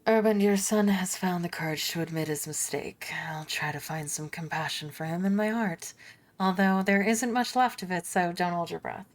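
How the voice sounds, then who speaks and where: A woman voicing a cold, imperious female ruler in a game, hushed and cutting. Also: lowish voice, moderate pace, natural voice. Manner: hushed, cutting, with a put-on accent.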